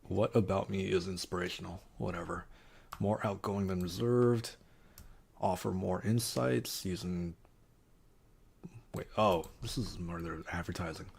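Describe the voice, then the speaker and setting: A man's voice: deep voice, measured pace, creaky, darkish tone, slightly rough. A man streaming casually, reading quiz options aloud and muttering wry, sarcastic asides.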